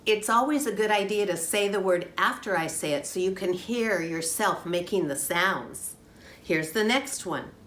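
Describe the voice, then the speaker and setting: A woman teaching a phonics lesson to young children, sounding out words slowly and chanting them in a sing-song way. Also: mid-range voice, a bit bright. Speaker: kindergarten teacher. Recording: echoey room, faint background noise.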